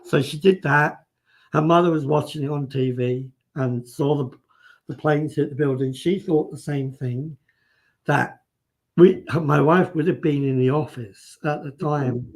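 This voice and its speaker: A man's voice: fairly high pitch, a little mellow. A man, a guest on a live stream, vividly retelling events in casual storytelling, acting out what people said and restarting his sentences.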